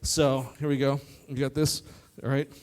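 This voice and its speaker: A man preaching a youth sermon to a live audience, lively and joking, talking straight to the crowd. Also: medium pitch, moderate pace. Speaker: youth pastor. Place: church youth service in front of an audience.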